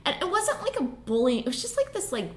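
A woman's voice: sits high, sing-song, fast. A woman in her thirties talking casually and personally, rambling with many fillers. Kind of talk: casual chat.

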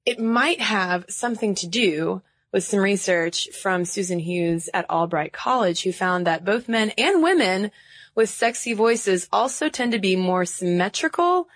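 A woman's voice: medium pitch, lively intonation, unhurried, dry recording. A woman from the Southern United States co-hosting a podcast, explaining research in a casual chat and laughing easily. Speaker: podcast co-host.

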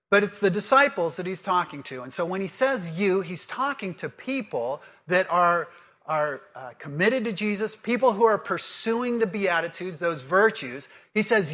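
A man preaching a sermon, quizzing the congregation and then teaching earnestly, reading scripture aloud slowly. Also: on the high side. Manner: lively call-and-response with the congregation. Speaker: pastor.

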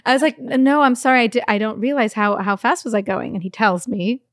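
A woman's voice: on the high side, quick pace, no room sound, studio quality. A woman podcast co-host telling a story in casual chat, acting out the voices and laughing often.

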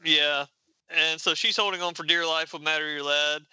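Bright-voiced man recapping a comic. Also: a little high, fairly even intonation, normal speed, clear, resonant tone, dry recording, poor audio. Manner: reads character quotes in raised playful voices. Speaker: podcast host reading a comic aloud. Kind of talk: casual comic recap chat.

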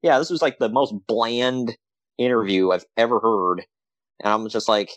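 Old wrestling shows are the topic for this medium-pitched podcast co-host, who talks animatedly with sarcastic remarks and quick bursts of laughter. There is no room sound on the recording.

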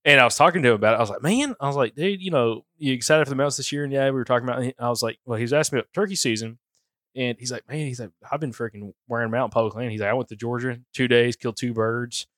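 A man's voice: medium pitch, very fast, no room sound, clean studio sound. A man co-hosting a hunting podcast, telling stories in a rambling, casual way. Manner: rambling storyteller, animated retellings. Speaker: podcast co-host.

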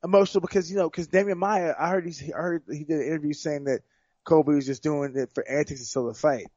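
A man's voice: a little high, fairly even intonation, fast talker, a little mellow, no echo, highs cut off. Rambling man talking fight analysis. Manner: rambling, repeats words and restarts. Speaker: fighter guest. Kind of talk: casual sports chat.

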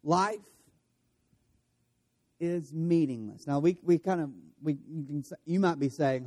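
A man's voice: on the high side, a little slow, long pauses, darkish tone. A man preaching a conversational sermon, often correcting himself mid-phrase and dropping in joking asides. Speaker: pastor.

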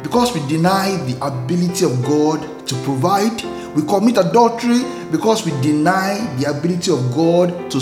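A man hosting a devotional, telling a story and preaching in a measured, earnest way. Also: fairly high pitch, reverberant. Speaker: host and preacher. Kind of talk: devotional sermon.

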